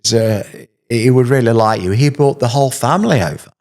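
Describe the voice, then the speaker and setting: A man's voice: mid-range voice, fairly quick, a little mellow, natural voice. An English man quoting a brash young male gym worker in a raised, breezy voice. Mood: friendly.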